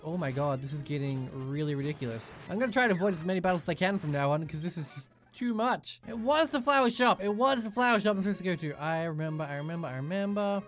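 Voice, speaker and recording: A man's voice: high-pitched, lively intonation, quick pace, hardly any pauses, fairly bright tone, faint music behind. A young man giving rambling, jokey commentary while he plays a video game. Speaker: let's play gamer. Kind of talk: casual gameplay commentary.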